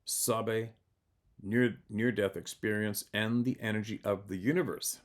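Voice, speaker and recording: Man reading listener emails aloud, low voice. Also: a little slow. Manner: relaxed, chatty, chuckles between readings. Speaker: podcast host.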